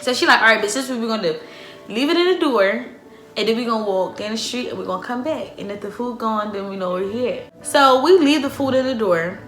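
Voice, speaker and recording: A young woman telling a profane storytime, acting out quoted dialogue with loud outbursts. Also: fairly high pitch, fast talker. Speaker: vlogger. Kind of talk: storytime vlog. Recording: echoey room with faint music.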